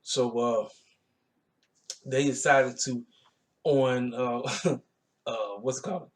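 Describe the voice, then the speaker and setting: A man with a mid-range voice speaks slowly, giving a casual, rambling recap of a wrestling show. He's laid-back and colloquial, his talk full of fillers.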